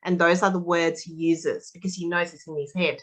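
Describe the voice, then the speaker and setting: A woman, a tapping practitioner, talking casually as a guest and telling animated stories. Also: fairly low pitch, a little fast, poor audio. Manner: animated storyteller, acts out quotes of her son. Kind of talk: casual conversational interview.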